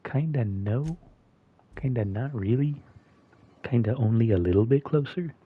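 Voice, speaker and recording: A gameplay streamer thinks aloud casually as he plays, talking with a mint in his mouth. His medium-pitched voice is husky and animated, unhurried, and mumbly as he muses. The sound is phone quality.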